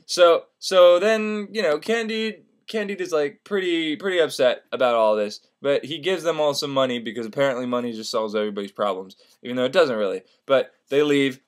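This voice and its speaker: A man's voice: medium pitch, a little fast, hardly any pauses. A man retelling a classic story in a casual, profane, rambling comedic style.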